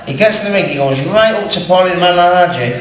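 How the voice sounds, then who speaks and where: A man's voice: high-pitched, fast talker. A man on stage telling sweary comic stories, acting out what people said. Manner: sweary, comic, acts out quotes. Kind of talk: stage storytelling. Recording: distant echoey hall with loud crowd.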